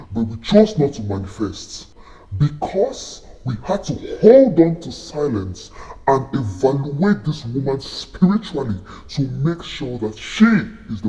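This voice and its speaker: A man voicing the solemn spirit of an ancestor, speaking in slow, grave pronouncements. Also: mid-range voice, mellow, rough recording.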